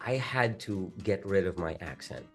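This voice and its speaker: A man with a Filipino accent, a stage actor talking earnestly in a casual chat, excitable and stumbling over restarts. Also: deep voice, moderate pace, soft background music. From Philippines. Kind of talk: casual conversation.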